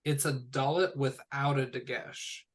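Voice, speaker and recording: A man teaching a one-on-one language lesson, patiently explaining sounds and repeating each word slowly. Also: mid-range voice, fairly even intonation. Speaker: Hebrew teacher. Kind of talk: tutoring session.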